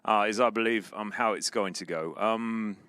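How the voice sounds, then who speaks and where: A man's voice: lowish voice, moderate pace, pushed and bright, clear, resonant tone, no echo, studio quality. A young man casting an esports match, with a playful, mock-formal way of talking. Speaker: esports commentator. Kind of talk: esports play-by-play commentary.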